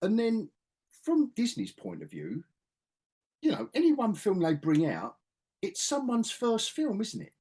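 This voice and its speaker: A husky man talks in a lively, swooping way as he hosts a casual podcast chat. His voice sits a little high and he swears freely. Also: measured pace. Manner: animated, laughing, swearing freely. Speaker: podcast host.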